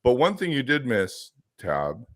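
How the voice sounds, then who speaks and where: A man's voice: medium pitch, wildly swooping pitch, a little slow. A man co-hosting a casual chat, telling a story energetically and acting out the quotes. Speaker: podcast co-host.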